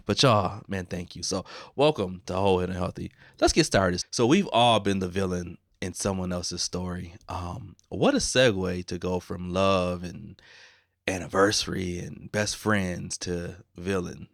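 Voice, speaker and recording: A man's voice: low voice, creaky, no room sound, clean studio sound. A man, hosting his podcast in an earnest, heartfelt way. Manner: earnest, heartfelt, builds to animated preaching. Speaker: podcast host. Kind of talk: casual solo podcast talk.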